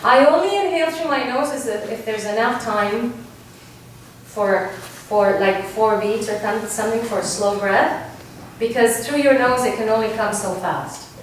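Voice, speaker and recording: Teaching at a moderate pace, the Argentine vocal coach speaks with a slightly high voice, sings demonstration sounds, and repeatedly asks "right?" during her choir workshop. Slight background noise is audible, and the mic is far off in an echoey space.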